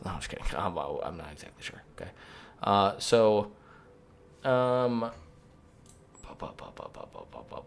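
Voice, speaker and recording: A man hosting a livestream update, talking casually and animatedly, reading chat and swearing now and then. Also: lowish voice. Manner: rambling, animated, swearing, reads chat aloud. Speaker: mod developer hosting a stream update. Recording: faint music behind.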